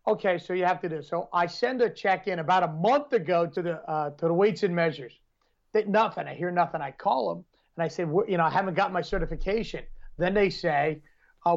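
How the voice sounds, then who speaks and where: Man, podcast co-host, rambling storyteller, gravelly, dull lo-fi audio. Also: sits high, fairly quick. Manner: rambling storyteller, laughs often. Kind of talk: casual chat.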